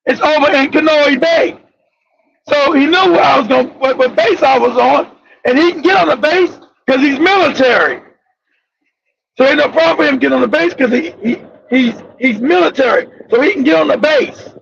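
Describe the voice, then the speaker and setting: A middle-aged man from the United States, a former Marine, telling a profane anecdote in an animated way and laughing often. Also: very high-pitched, normal speed, vocal fry. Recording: dull lo-fi sound.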